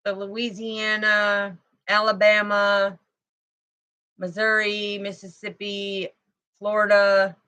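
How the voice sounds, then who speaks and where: A woman's voice: medium pitch, monotone, slow, pushed and bright. A woman giving a casual spiritual tarot reading, rambling and often tagging her lines with "right?" and "okay.". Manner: repeats words when restarting. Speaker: intuitive tarot reader.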